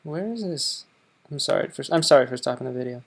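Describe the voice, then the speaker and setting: A man from Wisconsin with an Upper Midwest American accent reacts to a video in a loose, chatty way. His voice has a gravelly, creaky edge, and he often hesitates and pauses to comment. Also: mid-range voice, lively intonation. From Wisconsin, USA.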